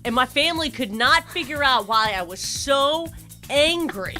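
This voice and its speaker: American woman, 40s, podcast co-host; high, sharp voice, animated storyteller who laughs often. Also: unhurried, faint music behind. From United States. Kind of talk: casual chat.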